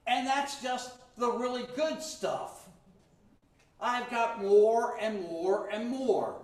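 A man's voice: very high-pitched, slow, distant mic, voice pushed up. A preacher voicing a boastful male devil acting as prosecutor in a sermon story. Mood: gloating. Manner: boastful, emphatic. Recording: echoey room.

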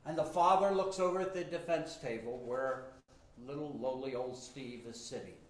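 A male pastor preaching a sermon, telling the story with animated storytelling and joking asides. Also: medium pitch, moderate pace. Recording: echoey room.

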